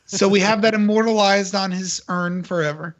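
A man's voice: sits high, fairly even intonation, moderate pace, lo-fi sound. A man on a podcast, joking around in a goofy way with friends. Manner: goofy, joking, bits and impressions. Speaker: podcast co-host. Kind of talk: casual group chat.

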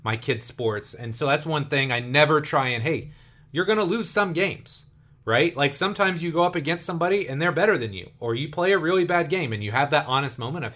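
A man in his thirties hosts a casual podcast chat with a bright, forward voice. He tells stories with animation and slips into the voices of the people he quotes. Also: a little high, lively intonation, fairly quick. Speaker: podcast host and youth coach.

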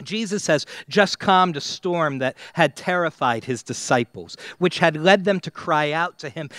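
A man preaching a sermon to his church, slow and dramatic, with long pauses and swings between loud and quiet. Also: on the high side, no echo, clean studio sound. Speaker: pastor.

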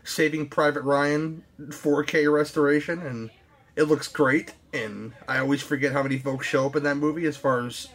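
A man's voice: a little high, steady tone, moderate pace, fairly bright tone. A man co-hosting a podcast in casual chat, rambling and often repeating his first words. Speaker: podcast co-host.

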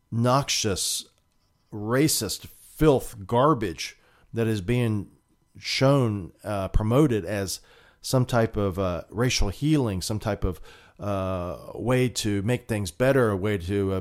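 A man hosting a political talk show, delivering emphatic, indignant commentary and often repeating himself. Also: fairly low pitch.

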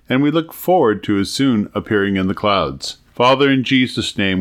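A middle-aged man hosting a Christian podcast, telling a joke and praying aloud in a folksy, earnest way. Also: medium pitch. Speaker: podcast host. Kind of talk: religious podcast talk with a told joke.

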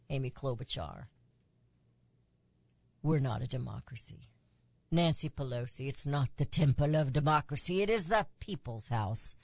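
A woman's voice: lively intonation, moderate pace, long pauses, dry recording. A woman hosting a political talk radio show, delivering an emphatic monologue whose voice climbs on the points she stresses. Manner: emphatic, rising pitch on key points, with asides.

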